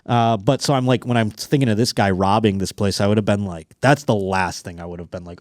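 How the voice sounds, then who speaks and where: A man hosting a podcast in casual comedic chat, crude and animated, swearing constantly and mocking the stories he reads. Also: fairly low pitch, fairly quick, no room sound, clean studio sound. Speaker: podcast host.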